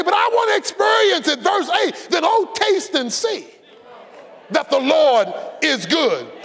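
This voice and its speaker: Male preacher, very high and animated voice, folksy and shouting, in a sanctuary with long reverb. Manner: fiery, shouting and drawing out words for emphasis; preaching with a folksy, conversational edge. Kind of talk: sermon.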